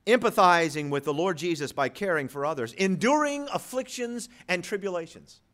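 A pastor preaching a sermon, swinging from loud rhetorical questions to low, quiet passages and acting out the voices of imagined listeners. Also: male voice.

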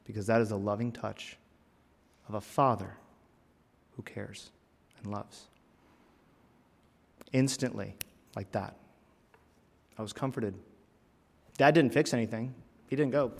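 A man preaching a personal sermon in a church, earnest, rising to emphatic lines and dropping to hushed, heavy phrases. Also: fairly low pitch, unhurried, vocal fry, pauses often. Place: church sanctuary. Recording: long reverb of a church hall.

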